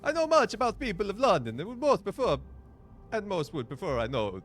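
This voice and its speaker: A man voicing a proud, gossipy male lamplighter spirit in a high, strained, declaiming voice while reading a video game aloud. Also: huge pitch swings, brisk. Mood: urgent pleading.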